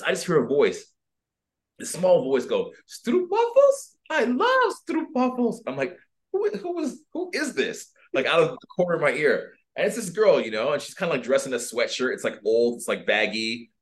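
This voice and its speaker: A man, a dating coach on a podcast, telling a story casually with lots of fillers and acted-out voices. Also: medium pitch. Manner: animated, filler-heavy, acts out voices. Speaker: dating and personal development coach, guest.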